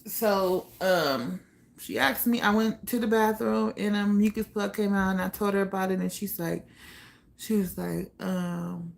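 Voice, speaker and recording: A young woman telling her own life story in a candid, blunt way, pausing often with fillers. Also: mid-range voice, steady tone, vocal fry. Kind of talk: personal storytelling monologue.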